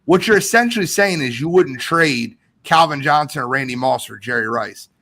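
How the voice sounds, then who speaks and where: A man hosting a live sports podcast, talking in a lively, animated way as he reads out viewer comments. His voice sits a little high and has a gravelly edge to it. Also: normal speed. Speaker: podcast host. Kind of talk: casual live podcast chat.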